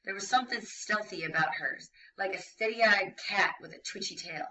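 A woman teacher reading a novel aloud to her class in a clear, steady narrating voice. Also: mid-range voice, normal speed, few pauses, distant mic, rough recording.

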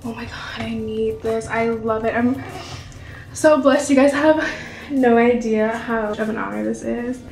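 Gushing young woman vlogger, high voice. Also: steady tone, a little slow, vocal fry, a little mellow, soft background music. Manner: gushing, effusive, many exclamations. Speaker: beauty vlogger. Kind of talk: excited vlog unboxing.

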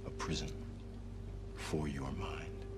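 An actor playing a calm, grave male mentor in a film, speaking slowly and measuredly and sinking to near whispers. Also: extremely low pitch, loud music behind the voice. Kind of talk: film dialogue.

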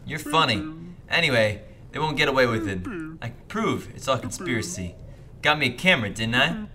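A man's voice: medium pitch, expressive, fairly quick, sharp tone. A man voicing a middle-aged pub landlord in a video game, paranoid and blustering, ranting about conspiracies and swearing. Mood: indignant.

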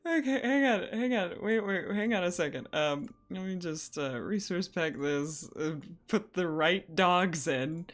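A woman's voice: fairly low pitch, lively intonation, measured pace, hardly any pauses. A woman streamer chatting casually while gaming, giggly and flustered, repeating herself.

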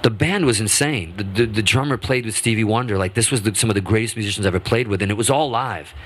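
A man in his fifties, a guest musician telling stories in a casual radio interview, animated and quick to act out quotes, with many restarts. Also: fairly low pitch, husky. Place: radio studio.

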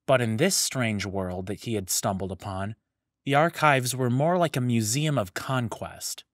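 A man narrating a fantasy story serial in a measured, even storytelling manner, close to the mic. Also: medium pitch, dry recording. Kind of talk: scripted audiobook narration.

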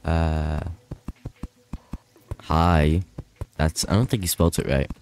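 A man's voice: extremely low pitch, slow, a little mellow, slight background noise. A man streaming a video game live, chatting loosely with viewers, often panicking and laughing. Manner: panicky, laughing, rambling to chat.

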